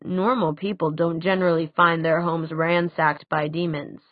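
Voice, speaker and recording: Woman voicing a grave older man, audiobook tutor, low quiet delivery, slow and measured, tinny dry sound. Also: steady tone, no room sound. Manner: quiet, slow, deliberate speech.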